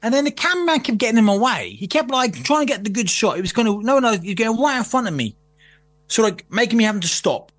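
A man's voice: high voice, big pitch swings, fast, fairly bright tone. A man telling a long sweary anecdote in casual conversation, laughing often. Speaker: podcast guest. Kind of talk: casual storytelling chat.

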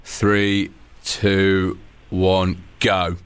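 A man's voice: sits low, monotone, drawn-out words, fairly bright tone, smooth. A man hosting a casual radio interview, chatty and jokey with his guest. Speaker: radio host.

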